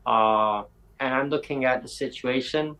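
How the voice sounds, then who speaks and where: A man's voice: medium pitch, unhurried, pushed and bright, rough recording. A man hosting a casual chat, telling a long rambling story with lots of voiced quotes and self-corrections. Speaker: podcast host.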